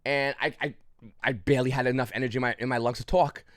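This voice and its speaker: A YouTube channel host casually recounts a story to the camera, rambling with restarts, short of breath, and coughing often. His mid-range voice is fairly even and fast, recorded dry with clean studio sound.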